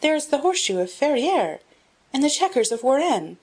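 A woman reading an audiobook, voicing an eager, excitable young boy duke with high, breathless cries. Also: a little fast, rough recording. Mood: overjoyed.

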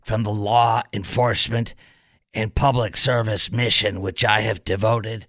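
A man doing a stiff, slow cabinet official. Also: flat delivery, a bit bright, no room sound, clean studio sound. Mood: stiffly formal. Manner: slow, deliberate, lowered delivery. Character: impression of a male cabinet official, stiff and measured.

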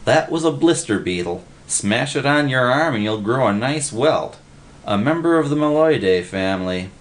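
A man's voice: medium pitch, animated, moderate pace, pitched above the performer's own voice, natural voice. A man voicing a well-read, lecturing male vagrant in a storybook reading. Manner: precise, lecturing, bossy.

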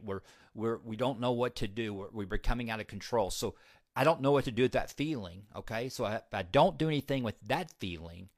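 A man's voice: mid-range voice, no echo, studio quality. A man giving a motivational talk about recovery, emphatic, repeating key points and putting questions to his listeners. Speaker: recovery speaker.

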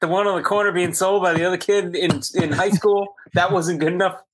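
Husky podcast dude teasing his buddy, laughs a lot, kinda high voice. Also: fairly even intonation, brisk. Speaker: podcast co-host. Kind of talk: casual chat.

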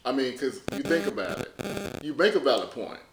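Podcast host, man, middle pitch, agreeable and methodical, roomy echo with faint hiss. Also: very animated, moderate pace, vocal fry. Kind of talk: casual chat.

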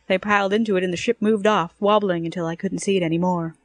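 A woman narrating a first-person story in a brisk, wry storytelling manner. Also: medium pitch, fairly even intonation, dry recording. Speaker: audiobook narrator.

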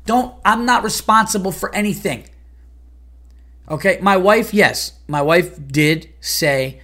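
Profane, ranting New comedian. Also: male voice, normal speed. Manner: profane, exasperated ranting that swings louder and higher when annoyed. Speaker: comedian and podcast host. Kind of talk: casual ranting monologue.

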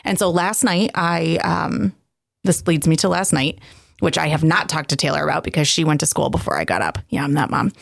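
A middle-aged woman co-hosting a podcast, telling stories in a casual, animated way with frequent laughs. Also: sits low, brisk, gravelly, no echo, studio quality. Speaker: podcast co-host. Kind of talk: casual chat.

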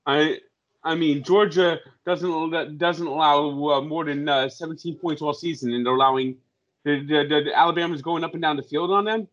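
Brief: high-pitched male sports co-host, profane rants, dull lo-fi sound. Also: normal speed. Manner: ranting, profane, loud impressions. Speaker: podcast co-host. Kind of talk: casual sports chat. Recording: dull lo-fi audio.

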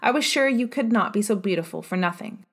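A woman reading aloud, voicing an excitable middle-aged mother who gushes in a high, breathless voice. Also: quick pace, breathy edge. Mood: excited.

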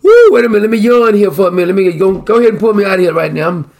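A man's voice: high voice, lively intonation, rapid-fire, a little mellow. A man preaching and briefly playing the prophet Daniel, cheerfully drowsy and yawning after a good sleep. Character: Daniel, a male prophet just woken in the den.

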